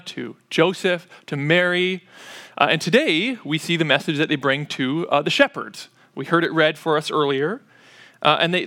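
A man's voice: a little high, sharp tone. A man preaching a sermon in a church, conversational and sprinkled with "uh" fillers. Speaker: pastor.

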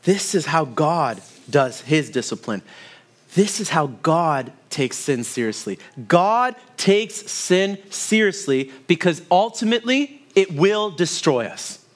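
Male pastor preaching, fairly high voice, chatty stories, talks right to the church. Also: sing-song, slow. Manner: storytelling with asides to the congregation. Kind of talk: sermon.

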